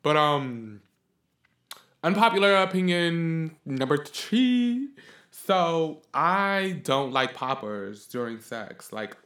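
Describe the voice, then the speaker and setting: A man with a slightly high, very animated voice talks at a slow pace in an echoey room. Hosting a podcast, he airs blunt opinions in a casual monologue, launching into profane, heated rants that suddenly get loud.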